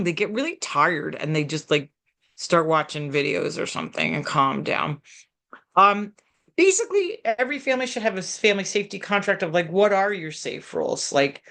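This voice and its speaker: A middle-aged woman therapist talks through parenting advice in a loose, animated way. Her voice sits a little low, and she speaks with frequent asides and restarts. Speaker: therapist in private practice. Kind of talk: conversational advice talk. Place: local community TV program.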